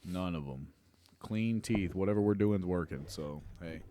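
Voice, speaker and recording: A man's voice: low-pitched, normal speed, warm tone, slight background noise. A man co-hosting a podcast, chatting in a laid-back way with dry quips. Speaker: podcast co-host. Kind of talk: casual chat.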